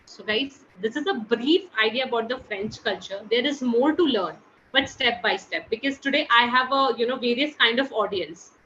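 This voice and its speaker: A woman's voice: a little high, animated, moderate pace, sharp tone, dull audio, slight background noise. A woman teaching a French class online in a chatty way, often calling the students guys, heard over a computer mic on a video call. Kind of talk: online language webinar.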